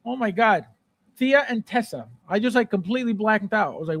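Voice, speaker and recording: A man hosting a casual live stream, chatting with viewers, repeating phrases and breaking into playful shouted bits. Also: sits high, animated, normal speed, long pauses, dry recording. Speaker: livestream host. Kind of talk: casual live chat reading viewer comments.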